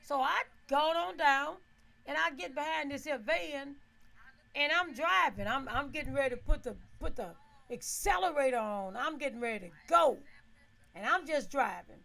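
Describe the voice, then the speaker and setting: A woman telling a story in a casual, animated way. She laughs often, keeps checking in with her listeners, and acts out her own shouts. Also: high voice, moderate pace, vocal fry.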